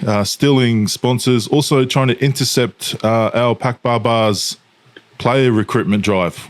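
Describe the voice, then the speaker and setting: A young Australian man co-hosting a podcast, talking in a hesitant way with many fillers and some swearing. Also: fairly low pitch. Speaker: podcast co-host. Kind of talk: casual banter.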